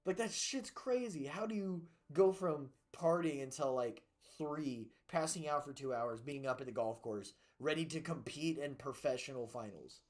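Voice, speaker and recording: A young man streaming a game, swearing freely as he rambles through stories in a casual chat. His voice sits a touch higher than most men's. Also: normal speed, few pauses. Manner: rambling, profane storytelling. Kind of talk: casual chat while gaming.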